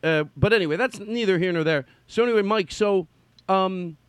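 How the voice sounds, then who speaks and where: A man's voice: high-pitched, moderate pace, clean tone, no echo. A middle-aged man hosting a casual chat, telling old stories and acting out quotes. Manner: animated storyteller, acts out quotes. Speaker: podcast host.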